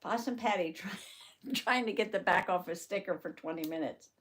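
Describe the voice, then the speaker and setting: Speaking at a normal speed in a lowish voice, a woman runs a casual live journaling chat from her craft table, laughing often and greeting viewers by name. A little hiss or hum is audible.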